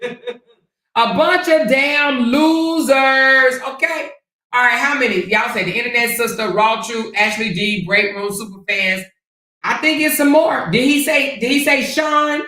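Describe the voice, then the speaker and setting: A woman's voice: on the high side, fairly even intonation, normal speed, sharp tone, distant mic. A woman hosts a livestream, talking bluntly and sassily, swearing freely and calling listeners honey and child. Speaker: livestream host. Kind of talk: casual livestream commentary. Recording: echoey room, off mic.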